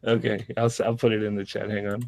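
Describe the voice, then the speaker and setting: A man's voice: on the low side, flat delivery, fast, gravelly, muffled recording. A man hosting a casual podcast chat, rambling with restarts and frequent laughs. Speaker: show host.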